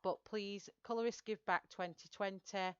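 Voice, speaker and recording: A woman's voice: medium pitch, fairly even intonation, normal speed, fairly bright tone, clean tone, no echo, muffled recording. A woman with a broad Lancashire accent from Greater Manchester, chatting casually on a livestream and answering viewers' comments. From Greater Manchester, England. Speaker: livestream host colouring.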